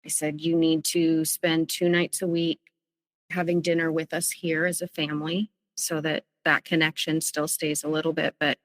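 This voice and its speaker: A woman with a notably low-pitched voice recounts her own experience as a podcast guest. She speaks earnestly and haltingly, often breaking off and restarting her sentences. The voice sits close and dry on the mic, with a faint, long reverb tail behind it. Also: little pitch movement. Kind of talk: personal storytelling.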